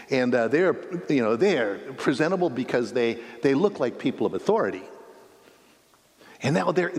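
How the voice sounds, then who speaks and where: A male pastor preaching a sermon, telling the story vividly and asking the listeners questions. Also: a little high. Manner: animated storytelling with rhetorical questions. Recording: long reverb in a hall.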